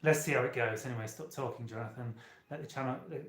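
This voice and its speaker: A man's voice: mid-range voice, fast, heavy background noise. A man hosting a casual live stream from a small hotel room. He rambles chattily and talks straight to his viewers. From United Kingdom. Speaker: channeler and live-stream host. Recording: roomy echo.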